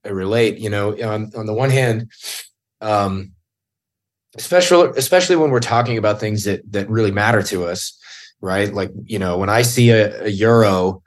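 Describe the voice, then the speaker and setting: A man in casual podcast talk, blunt and swearing, who gets heated when he acts out what he said back then. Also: on the low side. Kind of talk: casual chat.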